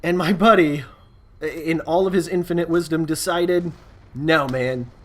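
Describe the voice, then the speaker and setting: A man's voice: fairly high pitch, moderate pace. Man rambling through a casual story. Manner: rambling, relaxed, full of fillers and asides. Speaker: gaming YouTuber. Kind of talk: casual storytelling over gameplay.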